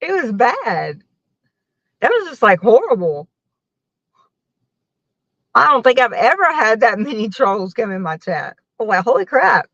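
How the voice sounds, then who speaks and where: A woman's voice: a little high, sing-song, a little slow, pauses often, a bit bright, dry recording. A tired woman rambling to her viewers during a casual live stream, laughing often. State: tired after a long work shift. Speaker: livestreamer chatting with viewers. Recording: dull, dry phone-mic sound.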